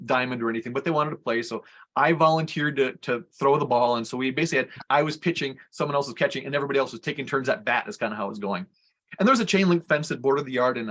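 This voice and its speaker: A man's voice: on the high side, a bit bright. A man on a podcast, telling a story casually, in a rambling way, often correcting himself. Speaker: podcast guest.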